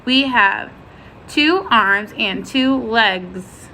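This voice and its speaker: A woman teaching a first-grade phonics lesson, sounding out letters and words slowly and clearly. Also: on the high side, animated, bright, forceful tone, slight background noise, poor audio.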